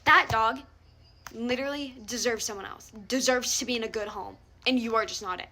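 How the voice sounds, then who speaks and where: A woman's voice: a little high, fairly quick, bright, forceful tone, slight background noise. A young woman delivering a heated, confrontational rant straight to the camera, swearing often. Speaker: vlogger calling someone out. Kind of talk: angry direct-to-camera rant.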